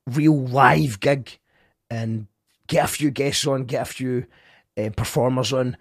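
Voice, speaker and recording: A podcast host talks casually and earnestly to his listeners, lively but stumbling, with frequent restarts. His mid-range voice is husky, and the sound is clean studio quality with no room sound.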